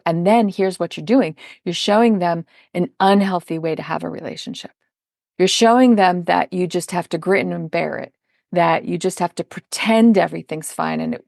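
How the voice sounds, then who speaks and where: This podcast guest is a middle-aged woman who coaches parents; in the conversational interview she explains points emphatically and performs quoted voices. Her pitch is fairly low with vocal fry. It's studio quality with no echo.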